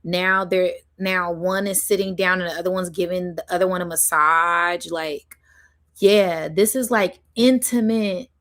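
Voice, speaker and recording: A young woman with a slightly low voice talks straight to her viewers as she gives a spiritual reading. She is chatty and giggly, and she stretches her words out slowly while she channels. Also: steady tone, a bit bright. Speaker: spiritual energy reader. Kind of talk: casual intuitive reading to viewers.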